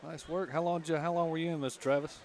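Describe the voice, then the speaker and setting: A man's voice: on the high side, fairly even intonation, very fast, a little mellow. A man giving casual live commentary at an outdoor strongman event, chatting and laughing easily.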